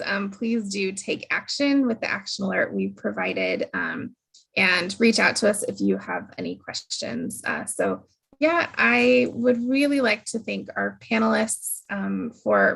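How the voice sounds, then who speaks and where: A woman's voice: medium pitch, very animated, takes it slowly, creaky, a bit bright. A woman moderating an online panel webinar, speaking hesitantly with many fillers over a video call.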